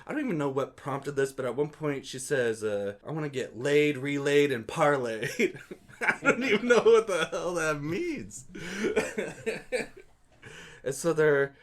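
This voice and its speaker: A man's voice: on the high side, very animated, unhurried, a bit bright. A man co-hosting a podcast, casually recapping a movie and laughing often as he goes. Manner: laughs often while recapping, loose and amused. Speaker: podcast co-host.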